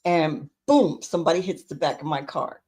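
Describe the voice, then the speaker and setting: A woman's voice: sits low, normal speed, a little mellow, husky. Woman co-host, chatty storyteller who acts out each quoted line. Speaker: podcast co-host. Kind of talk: casual storytelling chat.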